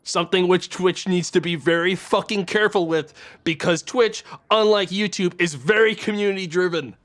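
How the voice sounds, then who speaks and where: A man's voice: sits high, moderate pace, fairly bright tone. A man streaming live, ranting with exasperation and heavy swearing to his chat. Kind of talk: angry live-stream rant.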